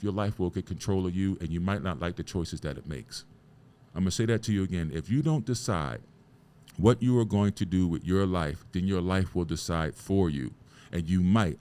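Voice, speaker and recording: A man's voice: deep voice, a little mellow. A man hosting a podcast, giving an emphatic, preachy motivational talk full of rhetorical questions and casual swearing. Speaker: podcast host.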